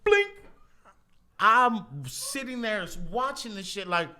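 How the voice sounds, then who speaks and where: A man's voice: extremely high pitch, slow, smooth. A man telling wild stories in casual podcast chat, swearing freely and laughing as he quotes people. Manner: profane, laughing storyteller, animated quoting. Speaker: podcast host. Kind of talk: casual storytelling.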